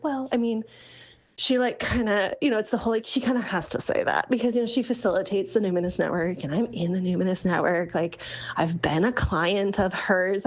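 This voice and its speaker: A woman hosting a podcast and talking in a casual voice-memo chat. She rambles with many fillers and restarts, and her voice is soft and sing-songy. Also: mid-range voice. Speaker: podcast host.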